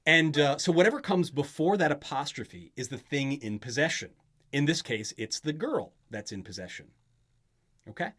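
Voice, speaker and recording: A man's voice: on the high side, lively intonation, moderate pace, fairly bright tone, breathy edge. A man tutoring a student in grammar in a casual back-and-forth, often checking that she follows. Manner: patient, checks for understanding often. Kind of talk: conversational tutoring session.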